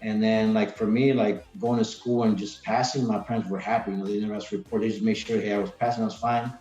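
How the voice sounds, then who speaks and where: A man's voice: lowish voice, fairly even intonation, fast, mellow, faint music behind. A man about forty, a retired Marine guest on a podcast, telling stories in a rambling, casual way full of restarts. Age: 40s. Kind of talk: casual interview chat. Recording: roomy, dull sound.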